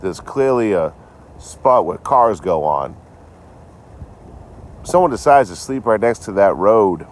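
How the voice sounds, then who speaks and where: A man's voice: on the low side, animated, slow pace, long pauses. A tipsy man casually chatting on a livestream from his phone, swearing often and trading sarcastic jokes with viewers. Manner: profane, sarcastic and rambling. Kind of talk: casual live-stream chat.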